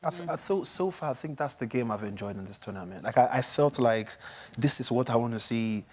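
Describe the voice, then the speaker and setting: A man from Nigeria co-hosting a sports show, talking in animated, excitable bursts with many restarts. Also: medium pitch, fairly quick. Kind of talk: casual sports chat.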